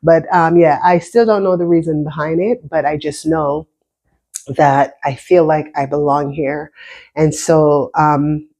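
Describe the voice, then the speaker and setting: A woman's voice: deep voice, steady tone, unhurried, mellow. A woman in her fifties from Jamaica, long settled in America, speaks with a mixed Jamaican-American accent. She tells her own story to the camera in a loose, chatty vlog style, stopping to restart and repeat words as she goes. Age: 50s. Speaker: vlogger. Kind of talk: casual personal storytelling.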